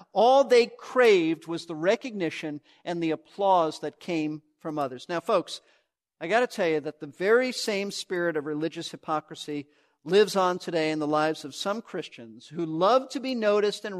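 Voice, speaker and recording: A pastor preaching a sermon to his church, earnest and emphatic, often restarting a phrase as he teaches. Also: high voice.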